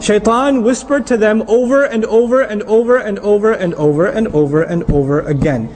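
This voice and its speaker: A man giving a lively religious talk on Qur'an verses, asking the audience questions and reciting Arabic phrases. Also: sits high, fairly quick, hardly any pauses, a little hiss or hum. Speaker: Islamic lecturer.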